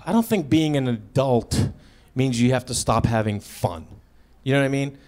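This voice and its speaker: A man doing stand-up comedy, telling a story on stage and acting out both sides of a shouted argument. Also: medium pitch, normal speed. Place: live comedy stage with audience laughter.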